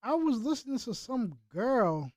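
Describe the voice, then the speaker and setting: A man's voice: very high-pitched, big pitch swings, measured pace, no room sound, clean studio sound. A man chatting casually in slang with live viewers as he reacts to a video. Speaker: reaction streamer.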